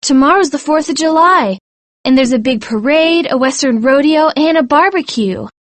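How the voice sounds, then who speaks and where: A woman's voice: sits high, lively intonation, normal speed, no echo, voice pushed up. A narrator voicing a cheerful teenage girl in an audiobook story. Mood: eager.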